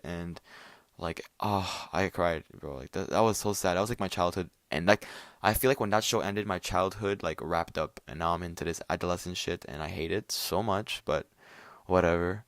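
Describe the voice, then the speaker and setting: A man's voice: deep voice, dry recording, studio quality. A young man in his late teens talking alone at home late at night, rambling and swearing, full of fillers and restarts. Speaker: vlogger. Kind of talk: rambling casual monologue.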